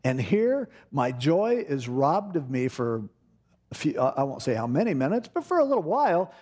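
A middle-aged man preaching a sermon, telling a personal story with animated delivery and acting out the voices in it. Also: on the high side, normal speed, breathy edge. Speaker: pastor.

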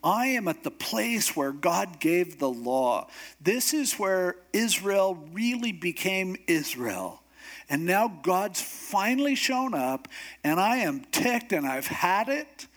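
A man's voice: a little high, lively intonation, a little slow, a bit bright. A man voicing a weary, frustrated prophet who complains and sounds exasperated. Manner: exasperated, whiny.

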